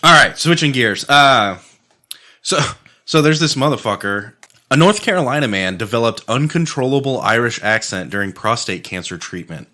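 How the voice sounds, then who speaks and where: A man's voice: mid-range voice, lively intonation, moderate pace, pushed and bright. A man co-hosting a podcast, chatting casually over drinks, profane and laughing as he rambles. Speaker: podcast co-host.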